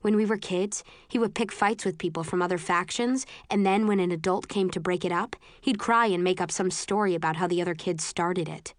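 A sharp-tongued young woman speaks bluntly and wryly, as a woman reading voices her. The voice sits low and quiet, recorded close and dry. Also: brisk, few pauses, no room sound, lightly acted. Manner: blunt, wry.

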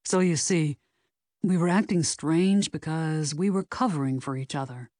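A woman's voice: sits low, normal speed, dark tone, no echo, studio quality, lightly acted. Woman doing a stammering, panicky man. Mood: nervous. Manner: stammering, nervous.

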